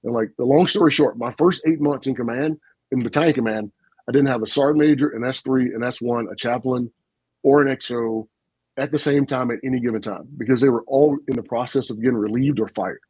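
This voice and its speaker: A man, a retired army officer, telling stories in an animated, folksy way on a casual podcast. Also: mid-range voice, brisk, husky, no echo, rough recording. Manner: animated, folksy storyteller with frequent asides and laughs.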